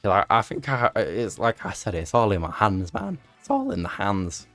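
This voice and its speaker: Low-voiced young man streaming. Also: very animated, a bit bright, faint music behind. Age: young adult. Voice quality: prone to voice cracks. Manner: rambling, self-mocking, quick asides to chat. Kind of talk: casual gaming stream chat.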